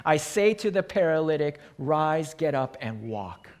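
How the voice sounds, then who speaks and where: Jesus, as a preacher voices him, firm and commanding. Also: male voice, a little high, very animated, measured pace. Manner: firm, declaring. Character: Jesus, adult man, firm and authoritative. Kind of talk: sermon.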